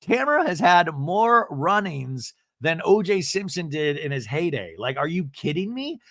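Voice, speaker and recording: Lively, bright-voiced male recap host. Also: fairly high pitch, unhurried, no echo, clean studio sound. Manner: animated, chatty, acts out quotes. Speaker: podcast host. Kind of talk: comedic reality TV recap.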